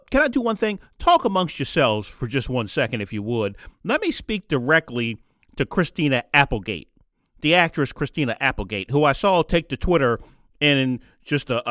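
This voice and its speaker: Bright, animated male podcast host. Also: dry recording, studio quality. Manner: sarcastic, mocks others in shrill put-on voices. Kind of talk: opinionated monologue.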